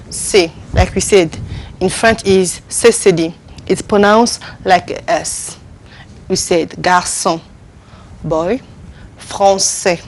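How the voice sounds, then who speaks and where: A woman teaching French pronunciation on a TV segment, slowly repeating words for viewers to echo. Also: fairly low pitch, steady tone, a little mellow. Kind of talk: TV language lesson.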